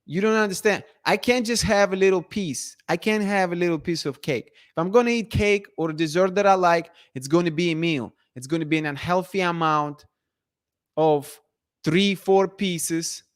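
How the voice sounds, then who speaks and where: A man's voice: high voice, moderate pace. A man hosting a casual live stream, reading viewer comments in a playful, emphatic way that repeats itself. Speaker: livestream host.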